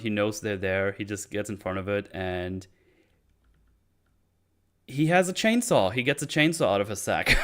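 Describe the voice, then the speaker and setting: A man's voice: on the low side, a bit bright, smooth. A man hosting a casual movie discussion podcast, retelling scenes with acted-out quotes and swearing. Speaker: podcast host.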